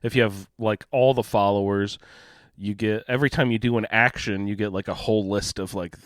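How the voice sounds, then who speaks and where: A man's voice: on the low side, fairly even intonation, brisk, no echo. Dry-sounding man chatting on a podcast. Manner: responsive, short reactions and questions. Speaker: podcast co-host. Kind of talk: casual chat.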